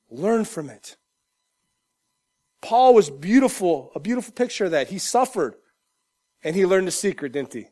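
A young adult man preaching a sermon with a notably high voice. He preaches with animation, rising to near-shouts and then dropping to quiet, joking asides. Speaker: pastor.

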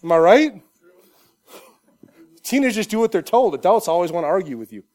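A young adult male pastor preaching a sermon, animated, swinging from loud, shouted lines to quiet, joking asides. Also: high-pitched, moderate pace.

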